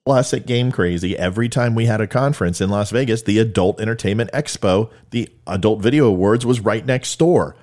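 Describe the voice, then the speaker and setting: A man's voice: on the low side, fairly quick, few pauses, a little mellow. A man hosting a casual monologue for viewers, rambling and joking at his own expense. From California. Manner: rambling, joking, self-mocking. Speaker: host.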